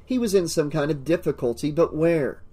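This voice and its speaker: A man narrating an audiobook in a steady, measured reading. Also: a little high, husky.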